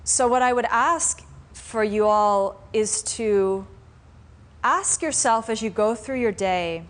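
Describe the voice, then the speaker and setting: A woman's voice: on the high side, slow pace. A woman meditation teacher telling a story and teaching a live class in a reflective, conversational way. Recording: faint room noise from a live stream.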